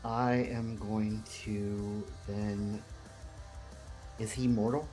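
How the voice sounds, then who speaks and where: A man playing a tabletop role-playing game who speaks hesitantly, with many pauses and restarts. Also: on the low side, little pitch movement, mellow, faint music behind. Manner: hesitant, full of ums and restarts. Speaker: player. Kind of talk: casual tabletop play.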